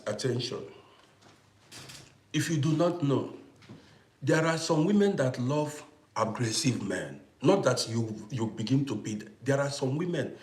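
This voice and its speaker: Young male streamer. Forceful, preachy delivery. Mid pitch, roomy echo. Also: lively intonation, unhurried. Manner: forceful, preachy, thanks viewers for gifts. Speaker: live stream host. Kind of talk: casual livestream monologue.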